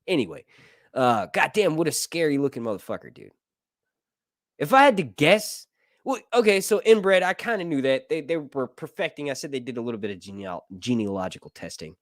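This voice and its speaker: A man talks through a film review in a loose, swearing, jokey way, his pitch jumping up and down as he goes. He drifts into tangents and reads passages aloud between them. The sound is close and dry, with no room around it. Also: very animated, a little fast, dry recording. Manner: profane, rambling, jokey asides. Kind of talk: casual movie commentary, reading aloud.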